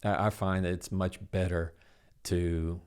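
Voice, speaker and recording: A man's voice: low-pitched, unhurried, smooth. A man in his thirties, a guest on an interview show, explaining how to handle difficult conversations and acting out quoted dialogue. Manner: animated, acts out quoted dialogue. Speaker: guest, communication expert.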